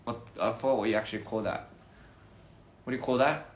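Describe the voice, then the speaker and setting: A man's voice: mid-range voice, fairly even intonation, brisk, roomy sound, a little hiss or hum. A man chatting casually on a phone livestream, rambling through goofy wordplay and laughing at his own jokes. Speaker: livestream host.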